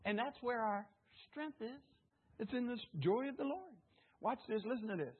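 High-pitched preacher on a tinny line. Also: male voice, expressive, moderate pace, husky. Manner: fervent preaching with call-and-response prompts to the congregation; swings between loud exclamations and hushed asides. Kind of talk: sermon. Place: church service. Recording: tinny phone-like audio.

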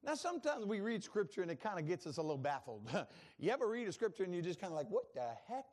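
Male pastor, high-pitched, lively sermon style with call-and-response. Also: fast talker. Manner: lively, preaching with laughs and call-and-response asides.

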